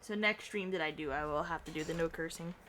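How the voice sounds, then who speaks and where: A woman's voice: sits low, quick pace, fairly bright tone, a little hiss or hum. A young adult woman streaming, chatting casually while she draws, trailing off as she works.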